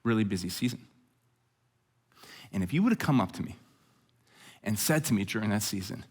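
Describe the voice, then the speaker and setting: A middle-aged man preaching a conversational sermon as pastor, telling stories with jokes and lively asides. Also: fairly low pitch, a little fast, long pauses, breathy edge. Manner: jokey, animated storytelling with asides.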